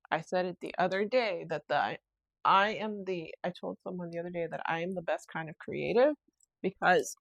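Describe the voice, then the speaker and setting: A woman's voice: medium pitch, no room sound. A young woman hosting a solo podcast, rambling in a chatty, self-reflective way. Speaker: podcast host. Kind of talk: casual solo podcast chat.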